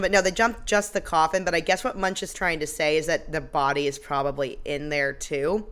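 Low-voiced woman, sarcastic recap chat. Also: steady tone, a little fast, hardly any pauses, fairly bright tone. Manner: sarcastic, swears freely, laughs at herself. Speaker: podcast co-host. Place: Ireland.

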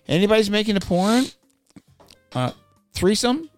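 A man co-hosting a crude, casual podcast, telling stories in a profane, animated way. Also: high-pitched, measured pace, soft background music. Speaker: podcast co-host.

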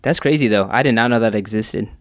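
A man's voice: fairly low pitch, fast, no room sound, studio quality. A young man in casual podcast chat, laughing often and bantering. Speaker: podcast co-host.

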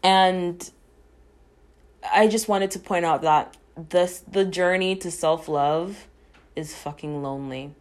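Slow, earnest young woman speaking from the heart. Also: lowish voice. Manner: earnest, swears casually, slow and drawn out. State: emotional, near tears at times. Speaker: podcast host. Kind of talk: reflective personal talk.

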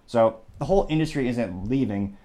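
A man's voice: mid-range voice, expressive, normal speed, dark tone. A man hosting a solo political commentary show, talking conversationally with sarcastic asides and frequent digressions. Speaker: host.

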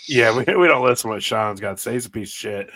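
A man's voice: on the low side, fast, vocal fry, pushed and bright. A man hosting a casual chat, teasing his guests and laughing often. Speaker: podcast host.

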